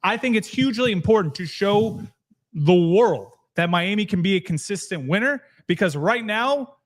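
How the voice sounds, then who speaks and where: A man talking college football on a live podcast, his voice sitting on the higher side. He argues hard and pushes his case with conviction, circling back to press each point. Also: expressive, moderate pace. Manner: passionate, argumentative. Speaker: podcast co-host. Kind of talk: animated sports talk.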